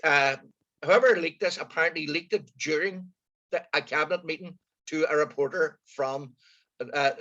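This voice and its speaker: Halting man, muffled lo-fi audio. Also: a little high, fairly bright tone. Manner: hesitant, halting, many restarts. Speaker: co-host of a current affairs podcast. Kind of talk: casual political chat.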